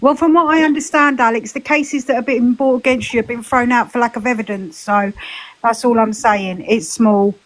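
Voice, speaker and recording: Woman, sassy mocking banter, slightly raised pitch. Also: moderate pace, poor audio. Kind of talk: live-stream banter.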